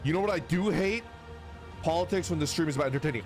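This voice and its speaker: A man's voice: on the high side, fairly quick, faint music behind. A man streaming live, chatting casually with viewers and reading their messages aloud, swearing freely. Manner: lively, swearing, reads chat aloud.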